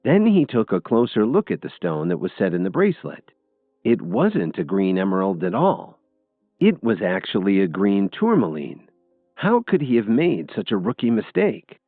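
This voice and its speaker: A man with a very low voice narrates a scripted story with a lively, expressive lilt. The audio is thin and phone-like, bone-dry, with faint music playing underneath. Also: normal speed, dry recording.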